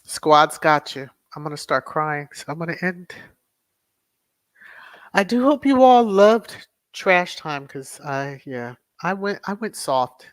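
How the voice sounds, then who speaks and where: A livestream host chatting casually, reading viewer messages aloud and repeating thanks and soft prayerful affirmations. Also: mid-range voice, expressive, takes it slowly, no echo.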